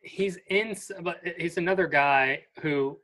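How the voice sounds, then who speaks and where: Podcast co-host, mid-pitched and conversational, casual film talk. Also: measured pace, fairly bright tone. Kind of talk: casual movie review chat.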